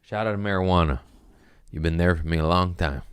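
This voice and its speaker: Deep, smooth-voiced male comedian. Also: fairly quick, dry recording, studio quality. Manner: loose and profane, acting out quotes from his stories. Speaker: comedian hosting a podcast. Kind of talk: casual storytelling monologue.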